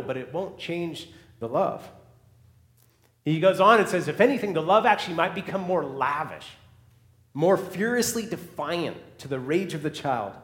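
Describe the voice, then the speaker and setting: A man preaching a sermon who swings between loud, fervent stretches and hushed, soft passages, often restarting his words. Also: fairly high pitch, reverberant. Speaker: pastor.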